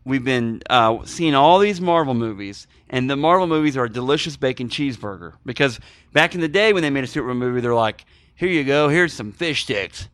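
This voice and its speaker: A man co-hosting a movie podcast, chatting in an animated, joking, rambling way. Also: medium pitch, a little fast, dry recording. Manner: animated, jokey, rambling with food analogies. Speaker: podcast co-host. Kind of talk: casual movie podcast chat.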